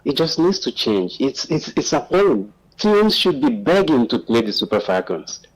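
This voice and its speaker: A man's voice: medium pitch, poor audio. Emphatic Nigerian man ranting on a phone-in. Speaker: caller. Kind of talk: phone-in football commentary.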